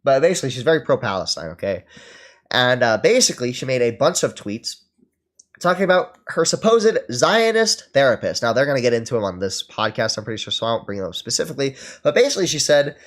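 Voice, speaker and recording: A man's voice: mid-range voice, very animated, quick pace. A man streaming, reacting to a podcast with casual, profane and sarcastic commentary, full of fillers.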